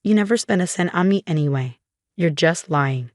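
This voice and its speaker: Woman reading scornful older mother-in-law, meddling, flat even delivery, dry sound. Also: on the low side, normal speed, no echo, natural voice.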